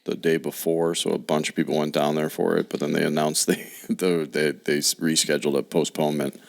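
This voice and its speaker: A man's voice: a bass voice, level tone, fairly quick, creaky. A man co-hosting a podcast who chats casually and backs up the others with short reactions. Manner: supportive, chimes in with short reactions. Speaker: podcast co-host. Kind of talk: casual chat.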